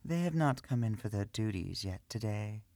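A man voicing a guarded young priestess who answers quietly, in a storybook reading. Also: lowish voice, animated, normal speed, gravelly, no room sound, clean studio sound, pitched above the performer's own voice.

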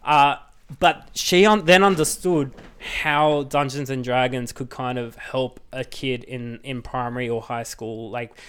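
A man co-hosting a board game podcast, telling a story in a casual, animated way and laughing often. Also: medium pitch, a little slow, clear, resonant tone. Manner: laughs often, animated retelling with acted quotes. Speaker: podcast host.

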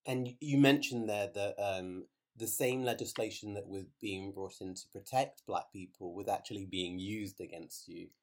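A man interviewing a guest, asking measured, inquisitive questions with short pauses. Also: on the low side.

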